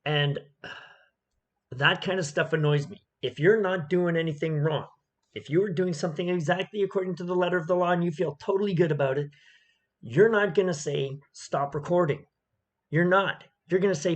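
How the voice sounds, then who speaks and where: A man's voice: a little high, normal speed. A man giving opinionated commentary on a video clip, emphatic and repetitive, often checking in with "okay?".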